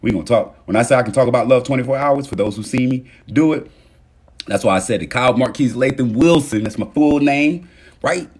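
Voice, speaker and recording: A man hosting a casual motivational livestream, talking straight to his viewers and thanking them, swinging between loud emphasis and soft murmurs. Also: mid-range voice, brisk, husky. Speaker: livestream host.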